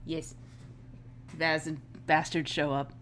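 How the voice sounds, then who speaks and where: A woman's voice: deep voice, little pitch movement, slow, fairly bright tone, slight background noise. A woman narrating as game master of a tabletop game, laughing often as she talks.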